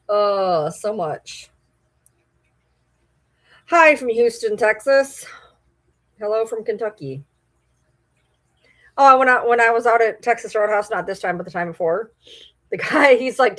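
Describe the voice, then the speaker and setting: Chatting loosely on her livestream, this Michigan-accented host from Michigan wanders between topics and answers what viewers write in. She speaks in a mid-range voice with a fairly bright tone.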